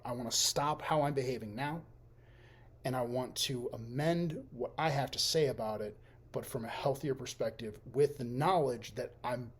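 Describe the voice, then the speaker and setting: A young man with a husky, slightly breathy voice talks through a candid personal monologue. He is blunt and swears freely, often stumbling into restarts, then trails off into a hushed, low register when he turns reflective. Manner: frank and profane, halting with restarts, dropping to quiet low tones when reflecting. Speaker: vlogger sharing a personal testimonial.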